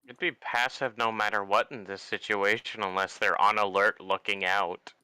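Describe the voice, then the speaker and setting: A man's voice: on the low side, steady tone, normal speed, sharp tone, clear, resonant tone, no echo, poor audio. A man playing a tabletop game, confident and pushing his own plan. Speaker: player. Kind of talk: casual tabletop game talk.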